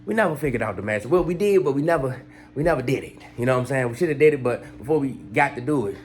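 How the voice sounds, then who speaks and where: A man vlogging about his pets, telling a story in a casual, animated way and swearing constantly. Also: mid-range voice, very fast, a little hiss or hum. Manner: animated, profane, heavy cursing. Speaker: pet owner vlogger.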